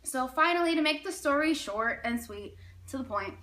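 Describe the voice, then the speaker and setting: A young woman in her twenties tells a casual personal anecdote with animated, dramatic delivery. Her voice is high and bright, and "like" peppers her sentences. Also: moderate pace. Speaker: storyteller.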